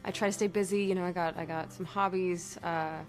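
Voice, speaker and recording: A woman's voice: fairly low pitch, steady tone, a little fast, soft background music, lightly acted. A woman playing a washed-up man who climbed a mountain in a cauldron, rambling awkwardly in a comedy sketch. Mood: upbeat. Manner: awkward, rambling, trying to sound upbeat.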